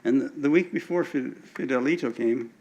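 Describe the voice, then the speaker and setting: A man's voice: medium pitch, moderate pace, a little mellow, lo-fi sound. An older man giving an anecdotal lecture with slides at an alumni event, often stumbling and restarting his words.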